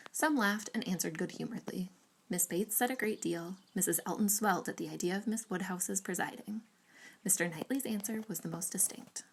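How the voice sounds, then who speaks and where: A woman librarian reading a classic novel aloud in measured, steady narration. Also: fairly low pitch, vocal fry, slightly rough. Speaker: librarian reader.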